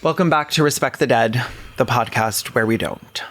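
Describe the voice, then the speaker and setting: A man's voice: mid-range voice, normal speed, a bit bright. A man with a mid-range voice reads a first-person memoir aloud with earnest feeling. Elsewhere he chats loosely on a podcast, rambling and swearing a little. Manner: earnest, emotional reading; rambling, profane chat. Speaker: podcast co-host. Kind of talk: reading a memoir aloud, then casual chat.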